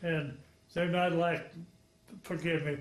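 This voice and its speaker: A man's voice: fairly high pitch, flat delivery, slow, roomy sound. A man in his nineties, a World War II veteran from Texas, telling frank, rambling stories in an oral history interview. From Texas, United States. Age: 90s. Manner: rambling, frank storytelling with chuckles.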